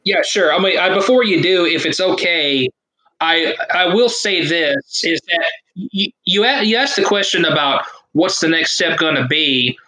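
A man pitched well above most men talks earnestly on a casual podcast, his words tumbling out in long, winding runs. His tone is bright and forward, and he restarts his sentences often as he thinks aloud. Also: normal speed, rough recording. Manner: earnest, rambling, with many restarts. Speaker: podcast guest.

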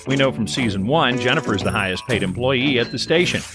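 A man co-hosting a podcast, describing and discussing a sitcom episode in a brisk, explanatory way. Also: mid-range voice, expressive, music in the background.

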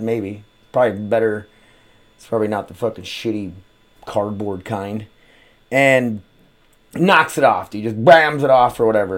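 A man hosting his own podcast at home, talking casually in a rambling way with lots of swearing and "uh" fillers. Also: medium pitch. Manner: rambling, profane, frequent "uh" fillers. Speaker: podcast host. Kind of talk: casual solo podcast chat.

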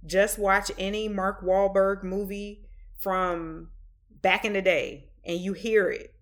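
A woman's voice: mid-range voice, little pitch movement. A woman with a Southern US accent, hosting a podcast in a rambling, chatty monologue full of fillers. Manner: rambling and chatty, many fillers, drawn-out phrases. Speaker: podcast host. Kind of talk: casual monologue.

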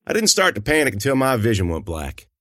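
Lively man narrating a folksy story. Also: medium pitch, quick pace, no echo, clean studio sound. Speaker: audiobook narrator. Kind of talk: first-person scripted narration.

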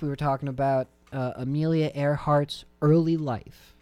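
A man's voice: fairly high pitch, steady tone, normal speed, a little mellow, clean tone, no room sound. A young man from New Jersey who hosts a radio show, chatting in a jokey way and slipping into silly voices. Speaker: radio host. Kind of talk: casual podcast chat.

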